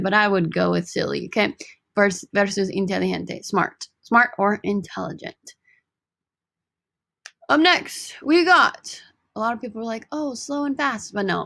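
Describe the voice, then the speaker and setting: Upbeat woman teaching Spanish, gravelly edge. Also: medium pitch, fairly bright tone, no room sound, studio quality. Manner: upbeat, joking, repeats words slowly. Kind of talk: recorded slideshow lesson.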